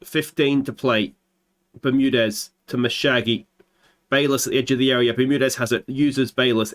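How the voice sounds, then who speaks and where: An Australian man hosting a football management let's play, calling his match like a commentator and swinging into excited shouts at big moments. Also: mid-range voice, normal speed, slight background noise. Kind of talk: gameplay commentary.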